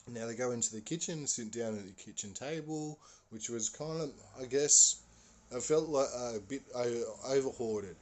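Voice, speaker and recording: A man's voice: medium pitch, normal speed, a little mellow. A man hosting a podcast, telling a story casually with lots of fillers and slang. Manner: rambling, many fillers, slangy. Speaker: podcast host.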